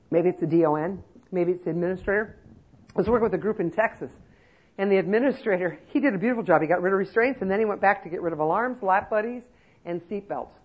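A woman lectures a room of care staff in an emphatic, conversational way. She keeps checking in with rhetorical questions, and her voice sits at an ordinary middle pitch. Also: poor audio. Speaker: elder-care trainer.

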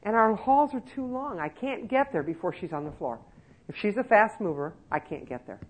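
A woman's voice: mid-range voice, animated, normal speed, breathy edge, low-quality recording. A woman giving a lecture to nursing-home staff, emphatic and conversational, with many rhetorical questions. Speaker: elder-care trainer.

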